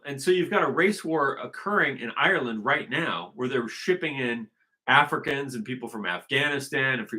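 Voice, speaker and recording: A man's voice: mid-range voice, sharp tone. A man talking in a casual unscripted monologue, rambling and emphatic, often circling back to restate his point. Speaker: vlogger.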